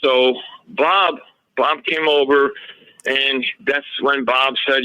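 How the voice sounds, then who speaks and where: Man, radio guest, rambling storytelling, sharp bright tone, muffled lo-fi sound. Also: medium pitch, steady tone, measured pace, no room sound. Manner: rambling, quoting others with 'he goes'. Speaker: radio show guest recounting a haunting. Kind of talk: casual interview storytelling.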